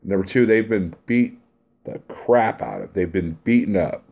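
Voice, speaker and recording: A man's voice: on the low side, a little slow, vocal fry, a little mellow. A man who drives a truck, chatting casually on a live stream and reading out viewer comments in a blunt, chummy way, laughing easily.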